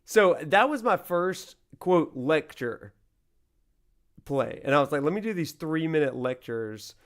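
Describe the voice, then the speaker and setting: A man, a college professor who streams, chatting casually in an animated, laughing, self-deprecating way. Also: a little high, a little slow, faint music behind.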